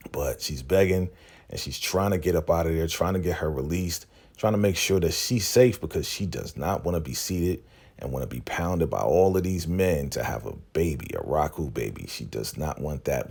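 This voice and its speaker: Deep husky man recapping a show. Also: dark tone. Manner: slangy, acts out characters' lines. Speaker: host. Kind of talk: casual TV episode recap.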